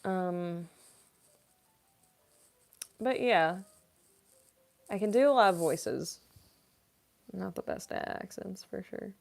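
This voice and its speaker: A woman's voice: mid-range voice, takes it slowly, creaky, long pauses, a little mellow. Young woman, voice actress, live-stream chat, laid-back pace, giggly, lots of "like" fillers. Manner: chatty and giggly, full of "like" fillers.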